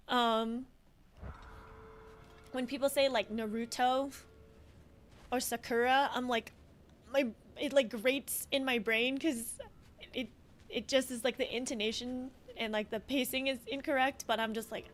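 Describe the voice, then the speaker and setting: An American woman with a slightly high voice talks casually over a game stream, chatty and animated. She giggles often and drifts between stories and remarks. A faint hum of room ambience sits under her voice. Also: measured pace. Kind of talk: casual chat while gaming.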